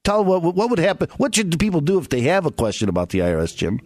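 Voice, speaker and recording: A man's voice: on the high side, wildly swooping pitch, fast talker, darkish tone, no echo. A man hosting a radio show as a tax attorney, giving casual advice in a chatty way and laughing often.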